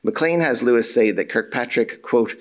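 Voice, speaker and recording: A male academic reading a prepared conference paper in a measured, formal way, with the odd "uh" and self-correction. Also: mid-range voice. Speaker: academic lecturer. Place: university symposium room.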